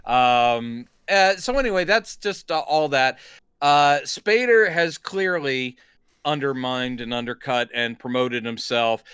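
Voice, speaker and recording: A man's voice: medium pitch, slow, fairly bright tone, clear, resonant tone, dry recording. A man co-hosting a podcast, casually retelling movie scenes and quoting the characters as he goes. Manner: rambling, retells scenes with quoted voices. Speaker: podcast co-host. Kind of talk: casual film discussion.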